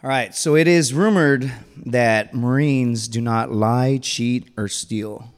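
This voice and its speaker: A man's voice: medium pitch, slow pace, smooth, faint music behind. Man telling a rambling story on stage. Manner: rambling and conversational, lots of fillers, laughs at own story. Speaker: stand-up comedian. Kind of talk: stand-up storytelling. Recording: reverberant hall.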